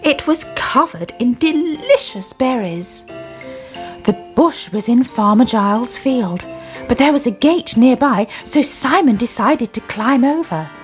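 Expressive woman reading a children's story. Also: a little high, measured pace, faint music behind. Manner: expressive, sing-song.

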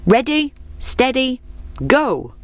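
A woman reading a storybook and voicing a brisk, encouraging fox. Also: on the low side, very animated, creaky, dry recording, full character voice. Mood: calling. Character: lively fox, organizer of the race.

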